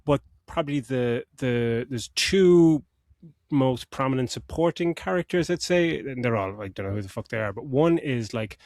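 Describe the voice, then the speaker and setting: A man's voice: mid-range voice, expressive, moderate pace, darkish tone, no room sound, clean studio sound. A middle-aged man co-hosting a podcast, ranting about a movie in casual chat, swearing often and laughing mid-sentence. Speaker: podcast co-host.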